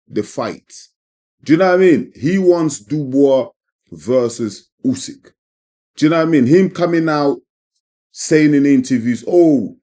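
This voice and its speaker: A man's voice: medium pitch, mellow. A man giving emphatic, repetitive opinions in a casual commentary vlog. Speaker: boxing commentator.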